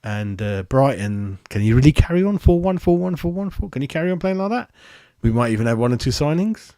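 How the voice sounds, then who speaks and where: A man hosting a live fan reaction chat, excitable and matey, greeting viewers by name. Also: mid-range voice, brisk, no echo, studio quality. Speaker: fan channel host.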